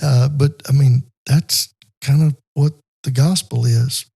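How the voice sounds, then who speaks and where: A man's voice: mid-range voice, fairly even intonation, takes it slowly, vocal fry, mellow, breathy edge. A man in casual podcast conversation, talking with many fillers and telling a story with acted-out voices.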